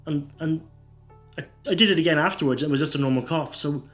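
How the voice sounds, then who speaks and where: A man's voice: on the high side, fast, a bit bright. Brief: man, absurd one-liner stand-up, rambling delivery, faint music behind. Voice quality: rambling, self-interrupting. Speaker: stand-up comedian.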